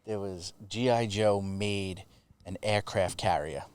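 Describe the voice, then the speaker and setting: A man's voice: on the low side, takes it slowly, darkish tone, clean tone. A man hosting a casual podcast chat, telling rambling childhood stories with swearing and laughter. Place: studio in Los Angeles.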